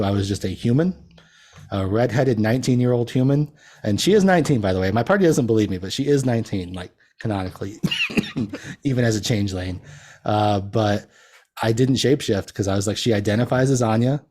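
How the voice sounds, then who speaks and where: A man with a fairly low voice chats casually as a podcast guest. He rambles through his points with lots of fillers and laughs often. The talk stays loose and relaxed. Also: a little fast. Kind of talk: casual chat.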